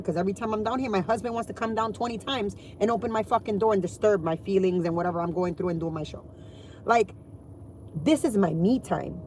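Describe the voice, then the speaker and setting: A woman's voice: medium pitch, a little mellow, slight background noise. A woman in her forties talking candidly and emotionally in a casual vlog from inside her car, swearing freely. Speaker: vlogger.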